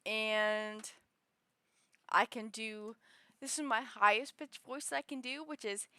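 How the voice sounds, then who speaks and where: A woman's voice: a little high, slow pace, very noisy. A young woman streaming, chatting casually with lots of giggles and fillers. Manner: giggly, filler-heavy rambling. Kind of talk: casual chat on a livestream.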